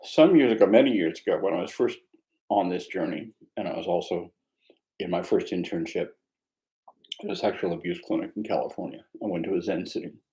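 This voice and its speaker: A man teaching meditation, speaking in a reflective, conversational way with a gently self-mocking humor. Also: low-pitched, a little fast, poor audio. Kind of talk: mindfulness dharma talk.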